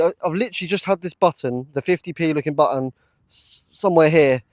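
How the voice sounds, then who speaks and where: A man talking casually to camera while metal detecting in a field, chatty and easily excited, with lots of fillers. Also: on the high side, fast talker, no room sound. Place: open field outdoors.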